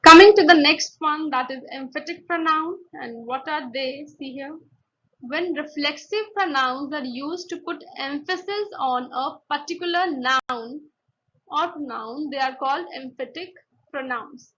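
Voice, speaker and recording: A woman's voice: high voice, unhurried, a bit bright, lo-fi sound, slight background noise. A woman teaching grammar, explaining step by step and often saying "see here" and "okay". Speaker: English teacher. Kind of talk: grammar lesson over slides.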